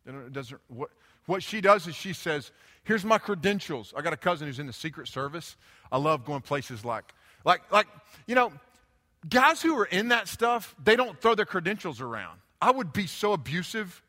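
A man's voice: high-pitched, big pitch swings, moderate pace, pushed and bright. A man preaching a sermon as a pastor, telling casual, digressive, humorous stories. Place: church. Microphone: handheld or stand microphone. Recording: reverberant church hall.

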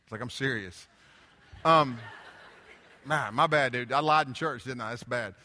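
A man's voice: medium pitch, unhurried, sharp tone. A man preaching a sermon as a pastor, telling casual, digressive, humorous stories. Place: church. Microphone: handheld or stand microphone. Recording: reverberant church hall.

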